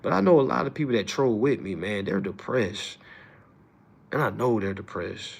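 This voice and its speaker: A young livestream host rants casually to his audience in slangy, profane language, lurching from loud outbursts to quiet asides. He speaks at normal speed with lively intonation and vocal fry.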